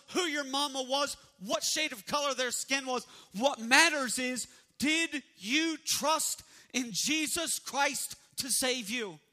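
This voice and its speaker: A man's voice: extremely high pitch, bright, forceful tone. A man pastor preaching a sermon and leading his congregation in call-and-response. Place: church sanctuary.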